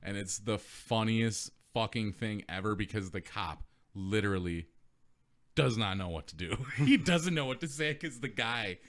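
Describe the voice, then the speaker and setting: Laughing, animated male podcast host. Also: fairly low pitch, moderate pace. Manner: laughs often, swears freely, loose and rambling. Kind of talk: casual chat.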